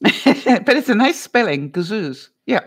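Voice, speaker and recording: A woman's voice: medium pitch, very animated, unhurried, slightly rough. A middle-aged woman hosting a live stream, chatting casually with viewers in a rambling way, with frequent laughs and many fillers. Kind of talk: casual chat reading viewer comments.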